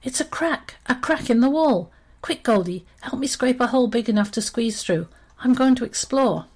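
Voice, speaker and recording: A woman voicing a brave, excitable young male mouse in a storybook reading, speaking in a squeaky, eager way. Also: moderate pace, lightly acted. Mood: excited.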